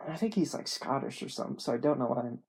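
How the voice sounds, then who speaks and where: Hobby reader, airy and husky, casual read-aloud with rambling asides. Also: mid-range voice, quick pace, a little mellow. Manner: self-deprecating, chatty asides.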